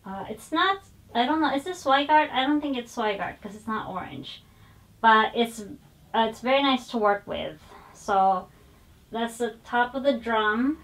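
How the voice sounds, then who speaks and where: On her stitching vlog, a flosstube host with a fairly high, slightly bright voice speaks in an animated way at a measured pace. She chats through her cross-stitch finishes digressively, with plenty of fillers and frequent self-corrections.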